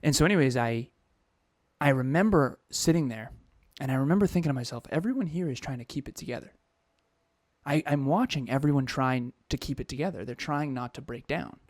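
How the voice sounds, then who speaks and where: A man's voice: medium pitch, brisk, darkish tone, no room sound, studio quality. A man in his thirties co-hosting a podcast, telling a personal story in an emotional, confessional way with frequent restarts. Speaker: podcast co-host.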